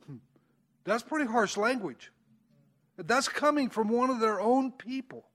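Preacher, male, high-pitched, casual Bible-study delivery, leans into quoted verses. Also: lively intonation, a little slow, pauses often, a bit bright. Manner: conversational, folksy, rising emphasis on quoted verses. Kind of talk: informal Bible teaching.

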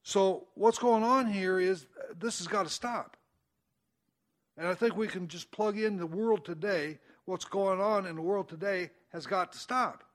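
High-voiced man giving folksy Bible teaching. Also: a little slow. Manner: conversational, folksy, rising emphasis on quoted verses. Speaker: preacher.

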